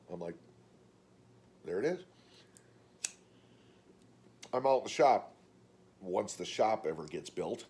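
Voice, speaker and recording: A man's voice: takes it slowly, pauses often. A middle-aged man talking casually in a vlog monologue, telling stories and mimicking other people in a raised voice. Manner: animated storytelling, mimics others in high voices. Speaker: vlogger.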